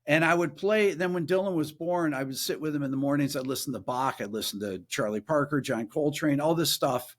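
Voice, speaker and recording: A man who is a guest musician and producer tells a story casually during a podcast interview. When he acts out quoted voices, he shifts into a higher pitch.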